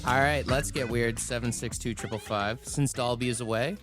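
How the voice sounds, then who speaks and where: A man's voice: mid-range voice, fairly even intonation, moderate pace, over music. A man hosting a morning radio show, chatting casually and joking with callers. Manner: joking, laid-back banter.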